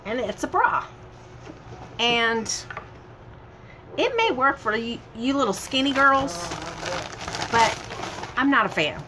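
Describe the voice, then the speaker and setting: Woman vlogger, casual chat, lively swooping pitch, fairly high voice. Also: slow, pauses often, noisy background. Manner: chatty, animated storyteller. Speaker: vlogger host.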